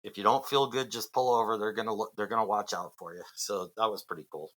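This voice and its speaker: A man's voice: fairly low pitch, fairly even intonation, fast, a bit bright. A middle-aged man from Massachusetts, a podcast guest, telling a long story in a rambling way with many fillers and restarts. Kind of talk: casual storytelling.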